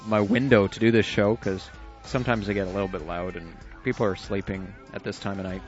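A man's voice: fairly low pitch, steady tone, brisk. A man hosting an internet radio show, chatting loosely and joking, with casual swearing and frequent laughs. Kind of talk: casual chat. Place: small room at home with the window shut. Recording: dull lo-fi sound, faint music.

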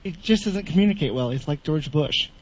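A man's voice: a little high, expressive, a little fast, lo-fi sound, background noise. A man co-hosting remotely, teasing and wisecracking with casual swearing. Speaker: co-host calling in remotely. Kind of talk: casual chat.

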